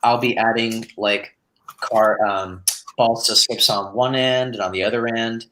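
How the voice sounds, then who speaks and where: Relaxed American male guest, bright edgy tone, easygoing and rambling. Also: mid-range voice, unhurried, a little hiss or hum, low-quality recording. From United States. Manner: relaxed, rambling explanations with fillers. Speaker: guest modeller. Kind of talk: casual live-stream chat.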